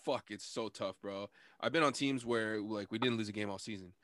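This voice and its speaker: A man's voice: fairly low pitch, fairly quick, a bit bright, dry recording. A young man hosting a podcast, telling a story in a casual, rambling, profane way and laughing often. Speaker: podcast host.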